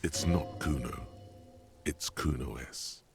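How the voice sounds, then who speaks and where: A man voicing the solemn inner voice of a detective game, speaking slowly and advising the player in the second person. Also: rumbling low, gravelly, full character voice. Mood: grave. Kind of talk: game narration.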